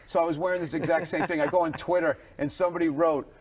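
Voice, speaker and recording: A man's voice: a little high, fairly even intonation, quick pace. Ranting male comedian on a dull clip. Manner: ranting anecdote. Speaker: comedian guest.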